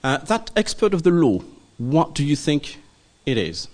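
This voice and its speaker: A man teaching a church study class in a loose, informal lecture, pausing often with ums and asking "okay?" to check in with the group. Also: on the high side, big pitch swings. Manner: hesitant, many ums and checking okays.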